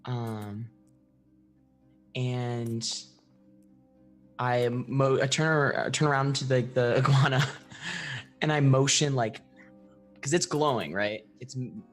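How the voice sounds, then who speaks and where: Halting male tabletop player. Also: medium pitch, soft background music. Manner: halting, thoughtful. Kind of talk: playing a tabletop game.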